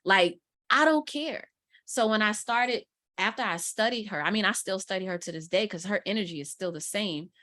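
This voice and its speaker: Woman, lively storyteller, acts out quotes, casual interview talk. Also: mid-range voice, moderate pace. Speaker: guest mentor, content strategist.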